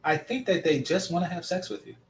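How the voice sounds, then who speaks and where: A man's voice: a little high, fairly quick, a little hiss or hum. Blunt sarcastic male commentator. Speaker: commentator reacting to a clip. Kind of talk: casual reaction commentary.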